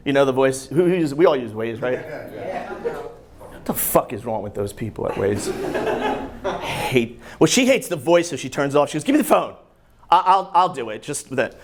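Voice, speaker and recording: A man performing a profane, animated standup comedy set on a club stage. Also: a little high, noisy background. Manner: animated, profane, loud bursts over crowd laughter. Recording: live club recording with crowd laughter. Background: audience laughing.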